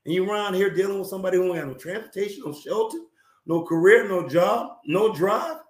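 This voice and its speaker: A male talk show host giving emphatic, preachy relationship advice, repeating phrases and often clearing his throat. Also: sits high, expressive, a little fast, echoey room.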